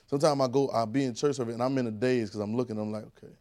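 A man preaching a conversational sermon, repeating phrases and rising to shouted calls. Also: medium pitch, steady tone, racing.

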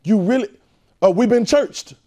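High-pitched emphatic male Bible teacher. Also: normal speed, warm tone, muffled recording. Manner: call-and-response, repetitive, emphatic. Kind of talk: preaching-style Bible teaching.

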